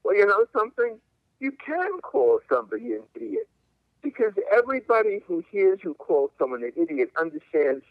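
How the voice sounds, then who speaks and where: A man's voice: on the high side, no room sound. An older man, a civil liberties attorney, argues his points emphatically and like a lawyer while being interviewed over the phone. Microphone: telephone. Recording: tinny dry phone line.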